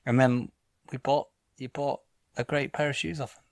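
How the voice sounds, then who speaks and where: Man, podcast co-host, blunt, exasperated, casual chat, mid pitch, dry close sound. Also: level tone, moderate pace, vocal fry, no room sound. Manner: blunt, exasperated storytelling with swearing.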